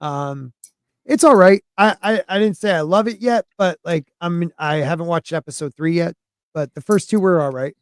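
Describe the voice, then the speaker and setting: A man's voice: a little high, normal speed, dry recording, clean studio sound. A man co-hosting a podcast, chatting loosely about anime with lots of restarts. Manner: rambling, chatty, frequent restarts. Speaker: podcast co-host. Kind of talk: casual chat about anime.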